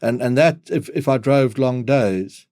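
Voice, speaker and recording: A man as a podcast guest, talking in measured phrases and often repeating words as he starts them. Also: mid-range voice, darkish tone, no room sound, clean studio sound. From South Africa. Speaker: guest analyst. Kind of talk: podcast interview.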